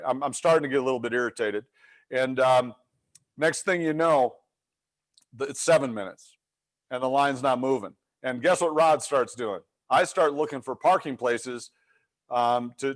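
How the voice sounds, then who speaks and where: A middle-aged man, a leadership coach, telling a story with energy in a webinar and acting out the voices in it. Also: medium pitch. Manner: animated storyteller, acts out quotes.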